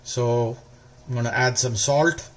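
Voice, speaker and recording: A man hosting a cooking video, explaining each step slowly and warmly praising the food. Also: medium pitch, steady tone. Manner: slow, instructive, gently enthusiastic. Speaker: cooking show host. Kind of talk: cooking demonstration.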